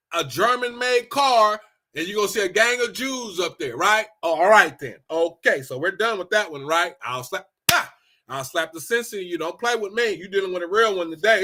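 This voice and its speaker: Casting a man from Los Angeles, high and bright voice, blunt and profane casual rant. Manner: animated, blunt, profane, repeats phrases. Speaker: commentator.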